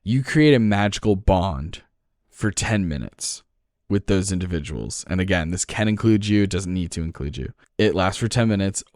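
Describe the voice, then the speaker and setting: A man with a New Jersey accent, co-hosting a podcast and explaining game rules in casual, excited chat, swearing freely. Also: sits low, moderate pace, no echo, studio quality. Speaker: podcast co-host.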